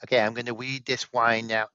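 A man's voice: mid-range voice, little pitch movement, moderate pace, bright, forceful tone, clear, resonant tone, dry recording, lightly acted. Man putting on a male puppet voice, confused and childlike, put-on accent, dry dull sound. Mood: chipper. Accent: put-on accent like an old-time carnival promoter.

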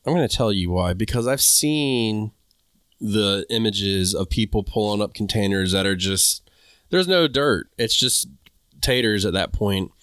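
A man's voice: on the low side, unhurried, fairly bright tone, smooth, no room sound, clean studio sound. A man co-hosting a casual gardening talk, chatty and candid, often stopping to rephrase himself. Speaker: podcast co-host.

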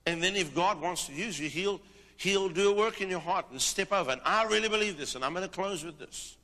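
A middle-aged man preaching, telling a testimony with animated delivery and rising into declamatory prophecy. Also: sits high, fairly quick. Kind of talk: sermon with testimony and prophetic exhortation. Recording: long reverb of a large hall.

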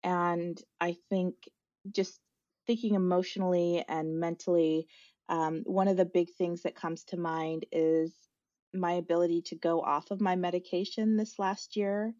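A woman in her forties, a guest on the show, telling a personal story in a thoughtful, searching way, with frequent pauses and fillers. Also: fairly low pitch, fairly even intonation, a little mellow, dry recording, highs cut off.

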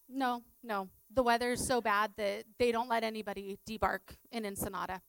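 A woman's voice: fairly high pitch, fairly even intonation, fairly quick, creaky, few pauses, dry recording, poor audio. A middle-aged woman, a teacher, sharing a personal testimony in a chatty way full of fillers. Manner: chatty, filler-heavy storytelling.

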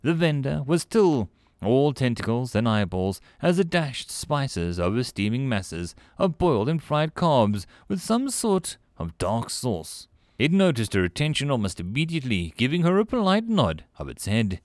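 A man narrating sci-fi short stories in an expressive, animated audiobook style. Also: on the low side, normal speed, no echo, studio quality.

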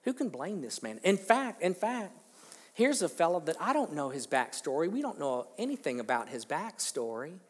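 A man preaching a sermon as pastor, emphatic, swinging between quiet and loud, asking rhetorical questions. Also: on the high side, very animated, fairly quick, hardly any pauses, breathy edge, big-room sound. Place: church sanctuary.

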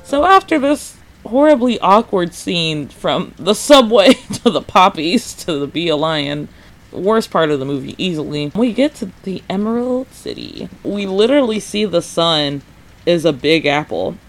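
A man with a high voice hosts a casual solo podcast, talking through a retrospective. He is chatty and animated, with plenty of "like", quick laughs and acted-out lines. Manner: chatty, says "like" often, laughs a lot; animated, acts out characters' lines. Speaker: podcast host.

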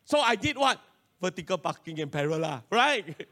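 Animated high-voiced Singaporean pastor. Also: male voice, a little fast. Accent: Singaporean English. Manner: animated storytelling with local slang and acted-out voices. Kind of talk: sermon with personal story.

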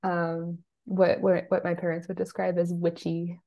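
A woman in her thirties, a guest on an interview show, telling her life story in a casual, animated way, acting out quotes with lively voices. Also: on the low side, a little slow, creaky, muffled recording. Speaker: guest, psychic and life coach.

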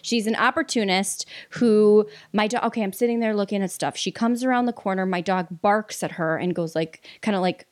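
A woman appears as a guest on a casual chat podcast and tells a story from her own life. She speaks at a middle pitch, bluntly and emphatically, and swears without hesitation. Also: brisk, few pauses. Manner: candid, emphatic, swears freely.

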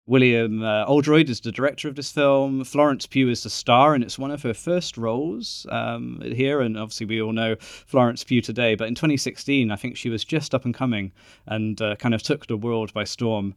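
A man's voice: medium pitch, normal speed, clean tone, no room sound. Polite, hesitant male podcast host, dry sound. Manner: hesitant, polite, many fillers. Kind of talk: conversational interview.

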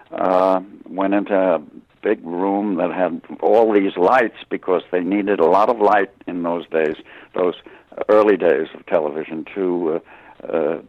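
Halting older man, deep voice. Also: no echo, dull audio. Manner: halting, many fillers and restarts, wry. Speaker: interview guest, voice actor. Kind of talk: storytelling interview.

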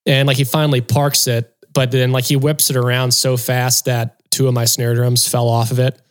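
Man, podcast co-host, drummer, storytelling, animated, casual. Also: moderate pace. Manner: animated storyteller, acts out quotes in a higher voice.

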